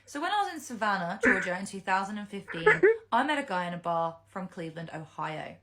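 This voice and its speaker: A woman's voice: medium pitch, sing-song, brisk, a crowd in the background. A woman from Wales tells an anecdote in a bemused, matter-of-fact way. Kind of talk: casual storytelling on social media.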